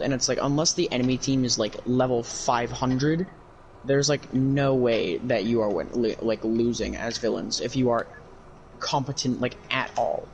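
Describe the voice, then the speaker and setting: A man's voice: medium pitch, low-quality recording. A man streaming a video game, ranting about it in profane, frustrated commentary. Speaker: gaming streamer. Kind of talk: casual livestream commentary.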